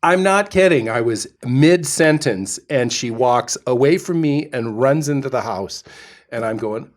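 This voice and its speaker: A middle-aged man co-hosting a podcast, telling a story with animated, dramatic delivery. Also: mid-range voice, measured pace. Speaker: podcast co-host. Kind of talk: storytelling chat.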